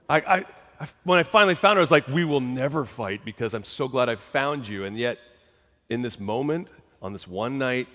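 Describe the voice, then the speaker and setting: Speaking with medium pitch in a hall with long reverb, a middle-aged man gives a motivational talk. He shares a personal story in a lively, conversational way and keeps putting questions to the audience.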